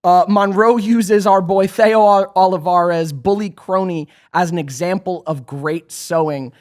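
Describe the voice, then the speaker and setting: A man with a slightly higher voice talks loosely and chattily as a podcast co-host. He recaps the episodes with plenty of fillers and laughter. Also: fairly even intonation, unhurried. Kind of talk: casual rewatch recap chat.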